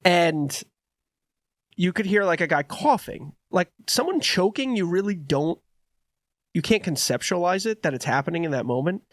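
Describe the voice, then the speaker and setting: A young man with a fairly high voice tells a story with rambling energy, casual and unpolished. His voice sounds dry and close, with no room echo. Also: expressive, normal speed, fairly bright tone. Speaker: podcast co-host.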